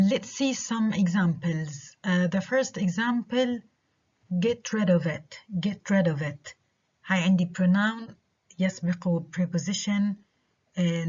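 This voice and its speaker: Low, husky woman lecturer, Arabic-accented. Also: warm tone, dull audio. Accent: Levantine Arabic. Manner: switches between English and Arabic, slow careful repetition of examples. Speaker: university lecturer. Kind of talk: recorded online lecture.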